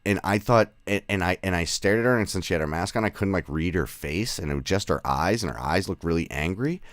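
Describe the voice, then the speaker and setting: The host's low voice has lively intonation and moves a little fast, in a dry recording. He chats casually with remote guests over an audio call, rambling and self-correcting, with frequent laughter.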